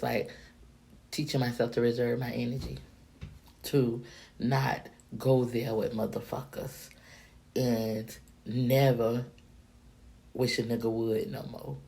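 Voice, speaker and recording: A woman with an unusually deep voice and a gritty, crackling edge to it tells a story to camera. She is from the Miami-Dade area and talks bluntly and profanely. Her delivery is animated and conversational. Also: vocal fry. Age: adult, past her younger days. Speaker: vlogger. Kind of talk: casual storytime monologue.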